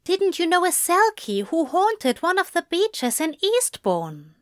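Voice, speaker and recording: A woman voicing a calm, firm male angel who speaks in a pointed, measured way. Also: very high-pitched, no room sound, clean studio sound, pitched above the performer's own voice, exaggerated voice.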